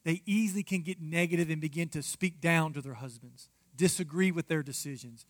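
A man's voice: a little high, a little fast, few pauses. A man preaching a marriage sermon as pastor, emphatic and addressing the congregation directly.

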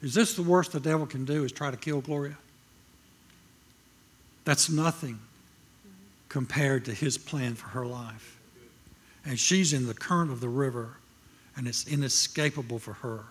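Husky older male preacher. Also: medium pitch, a little slow, long pauses. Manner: emphatic, swings from loud proclaiming to quiet storytelling. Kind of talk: sermon with personal story.

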